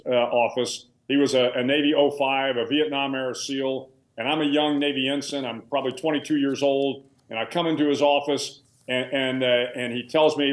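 A man's voice: medium pitch, echoey room, rough recording. A man in his sixties, a retired admiral and author, telling stories in a conversational way with restarts and fillers on a video call. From United States. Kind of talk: candid storytelling interview. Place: home room with a billiards table.

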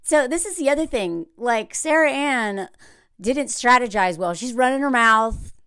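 Animated, sarcastic woman. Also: a little high, measured pace, clean tone, no echo, studio quality. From Southern United States. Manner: animated, sarcastic, frequent "like" fillers. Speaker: reality TV commentator. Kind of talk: casual commentary vlog.

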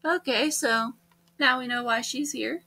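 A woman's voice: high voice, a little slow, slightly rough. A young woman chatting casually while hosting a dating-game playthrough, leading the way. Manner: chatty, bossy about the game, bursts into excited squeals. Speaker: let's play host.

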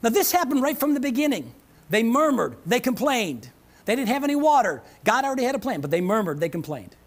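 Lively, emphatic woman pastor preaching. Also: fairly high pitch, fairly quick. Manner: emphatic, repeats phrases, calls out to the congregation; chuckles between points, playful asides. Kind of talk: sermon. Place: church service.

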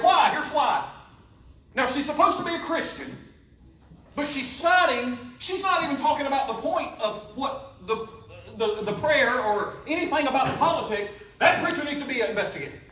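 A pastor, preaching a folksy, joking sermon in a church. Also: male voice, extremely high pitch, sing-song, normal speed. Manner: folksy, joking preaching with sudden loud rises. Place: church sanctuary. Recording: echoey church, voice from a distance.

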